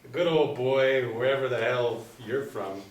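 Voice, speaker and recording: A man's voice: medium pitch, normal speed, close to an everyday voice. A man reading the part of an oily, cheating, chubby male garage owner at a screenplay table read, with folksy, hustling sales talk full of fillers. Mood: jovial. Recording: roomy, distant mic, faint background hum.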